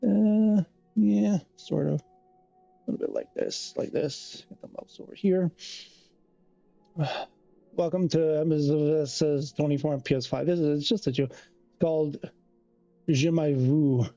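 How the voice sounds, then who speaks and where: A man's voice: a little high, measured pace, creaky, pauses often, mellow, no room sound, dull audio, faint music behind. Rambling man chatting on a stream. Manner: rambling, restarts sentences, reads chat aloud. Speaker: livestreamer. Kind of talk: casual live-stream chat.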